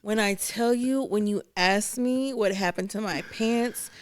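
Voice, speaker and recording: A woman co-hosting a casual talk show, joking bluntly and firing back quick comebacks. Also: mid-range voice. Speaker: podcast co-host. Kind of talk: casual chat.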